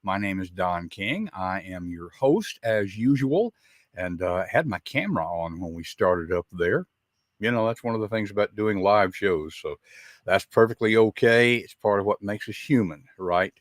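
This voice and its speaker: A man's voice: fairly low pitch, animated, normal speed, no echo, studio quality. Folksy Southern American man hosting a show. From Southern United States. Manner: chatty, folksy, with frequent uh fillers. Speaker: podcast host. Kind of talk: live show introduction.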